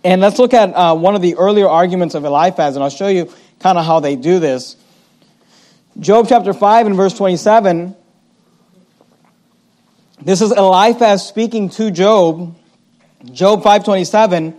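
A man with a high voice preaches an evening Bible sermon in a loose, conversational way. He reads the verses slowly, then paraphrases them in everyday speech, with plenty of fillers and restarts along the way. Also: darkish tone.

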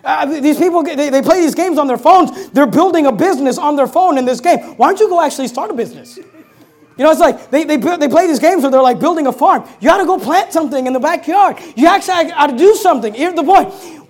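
A man's voice: very high-pitched, expressive, fast talker. A man preaching a sermon as pastor, emphatic and repetitive, with chatty asides. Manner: emphatic and repetitive, building to loud punches; conversational asides with laughs.

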